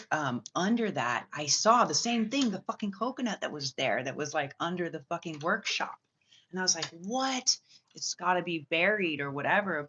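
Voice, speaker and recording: A spiritual reader telling a long personal story in a rambling, excitable way, swearing often and full of filler words. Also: mid-range voice, noisy background. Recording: slightly muffled lo-fi audio.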